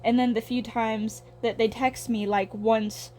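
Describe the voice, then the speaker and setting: A woman's voice: on the high side, little pitch movement, measured pace, darkish tone, a little hiss or hum. A young woman in her twenties talking casually while she draws, rambling and swearing with a self-deprecating streak. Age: young adult. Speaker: vlogger.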